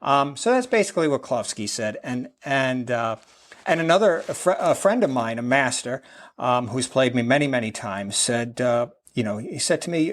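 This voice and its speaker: A man's voice: mid-range voice, expressive, normal speed. A middle-aged American man talking casually as a podcast guest, rambling with many fillers and frequent laughs. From United States. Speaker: podcast guest, amateur chess player. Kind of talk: casual interview talk.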